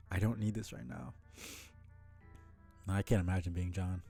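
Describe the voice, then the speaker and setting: A man's voice: sits low, measured pace, vocal fry, mellow, faint music behind. A man reading a webcomic aloud on a live stream and commenting casually, swearing freely and laughing often.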